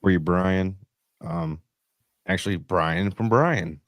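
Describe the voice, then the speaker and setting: Man, podcast co-host, blunt, swears, low-pitched, dry sound. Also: slow, no room sound. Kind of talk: casual chat.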